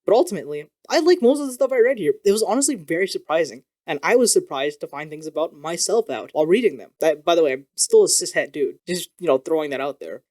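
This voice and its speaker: A man reviews manga in a loose, excitable vlog style, cursing casually as he goes. His words tumble out quickly, and his voice sits slightly above typical male pitch.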